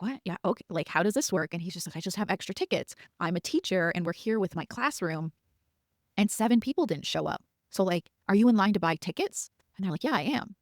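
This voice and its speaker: A woman's voice: mid-range voice, dry recording, clean studio sound. A woman in her thirties hosting a podcast, telling a personal story in a chatty way, laughing now and then and quoting her own thoughts. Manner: chatty, laughs while telling, quotes herself in asides. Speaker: podcast host. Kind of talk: casual storytelling.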